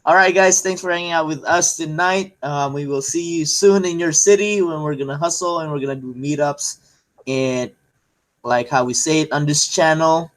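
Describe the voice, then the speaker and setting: A man with a slightly raised pitch co-hosts a loose chat about reselling. He rambles, leans on fillers, and keeps a playful, joking manner. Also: normal speed. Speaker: podcast co-host. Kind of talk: casual chat.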